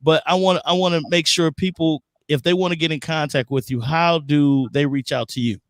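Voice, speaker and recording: A man's voice: fairly high pitch, steady tone, brisk, no room sound, clean studio sound. A man sitting in as host of a chat show, asking questions in an easygoing, casual way. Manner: easygoing, agreeing with short replies. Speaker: guest host. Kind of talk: casual interview.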